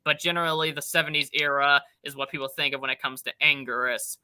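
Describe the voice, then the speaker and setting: A man's voice: mid-range voice, fairly even intonation, fast, pushed and bright, smooth, dry recording. A young man hosting a casual podcast chat, rambling enthusiastically and swearing casually. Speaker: podcast host.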